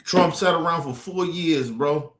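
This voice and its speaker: A man's voice: a little high, a little slow, a bit bright, roomy sound, a little hiss or hum. A man ranting about politics on a stream, heated, profane and repetitive. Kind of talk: ranting commentary. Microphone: streaming mic.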